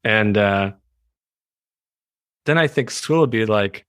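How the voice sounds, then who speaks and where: Animated man with a lowish dry voice. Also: slow pace, long pauses, smooth, no echo. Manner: animated, laughs often. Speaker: writer, guest. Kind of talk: casual chat.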